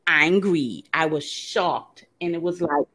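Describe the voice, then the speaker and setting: A woman co-hosting a casual podcast, recounting her reactions in an animated way and acting out what she thought at the time. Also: sits low, slow. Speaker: podcast co-host.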